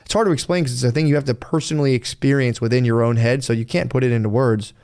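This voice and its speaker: A man's voice: mid-range voice, fairly even intonation, fast talker, a little mellow. A man co-hosting a casual podcast, rambling and swearing freely as he talks through his own experiences. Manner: rambling, swears freely, quotes himself in other voices. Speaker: podcast co-host.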